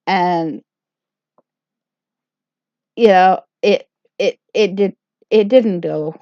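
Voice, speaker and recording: A woman's voice: fairly low pitch, takes it slowly, long pauses, warm tone, no echo. A woman telling a comic first-person story in a rambling, self-deprecating, playful way. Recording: dull lo-fi dry recording.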